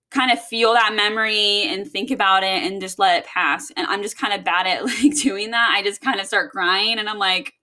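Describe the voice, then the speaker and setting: A woman's voice: mid-range voice, bright, forceful tone. A young woman from Texas, talking casually in a rambling, swear-heavy venting monologue.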